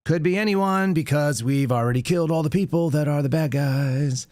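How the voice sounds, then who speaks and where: A man's voice: on the high side, normal speed, darkish tone, dry recording, clean studio sound. A man hosting a live news commentary show, reading headlines aloud and mocking them with sarcastic asides and chuckles. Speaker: show host.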